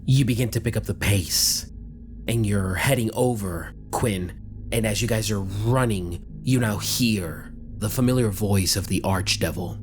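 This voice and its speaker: A man's voice: fairly low pitch, measured pace, faint music behind. A man narrating a tabletop game as game master, painting scenes in vivid detail.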